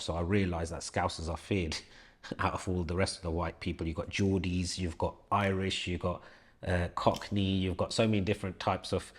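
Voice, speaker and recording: A low-voiced man tells a story on a podcast in a loose, conversational way. He speaks bluntly and swears freely, pressing each point home by repeating it. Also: slightly rough. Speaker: podcast co-host. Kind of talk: casual storytelling chat.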